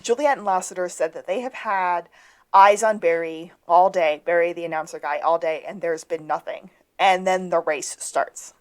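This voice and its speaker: A woman's voice: on the low side, fairly even intonation, normal speed. A woman co-hosting a podcast, casually recapping a TV episode and acting out quoted lines. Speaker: podcast co-host.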